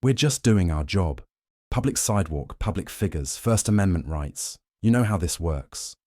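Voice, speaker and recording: A man's voice: low-pitched, expressive, moderate pace, mellow, dry recording, studio quality. Brief: scruffy wheedling photographer, put on by a male narrator. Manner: wheedling, pushy.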